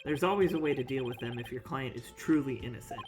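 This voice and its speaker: A woman's voice: a bass voice, fast talker, music in the background. A woman streaming a game with friends, reading its lines aloud and chatting, laughing often. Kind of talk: casual let's-play chat, reading game lines.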